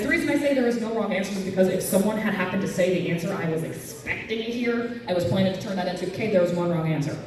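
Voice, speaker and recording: A woman doing stand-up comedy storytelling at a convention panel, animated, jumping to squeaky highs. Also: fast, a crowd in the background. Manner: animated, jumps to squeaky highs for quoted fans. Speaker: cosplay comedian. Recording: echoey hall, mic from far off.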